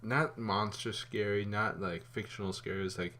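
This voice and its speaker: A man giving a casual spoken movie review, rambling and animated, with fillers and some swearing. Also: lowish voice, moderate pace.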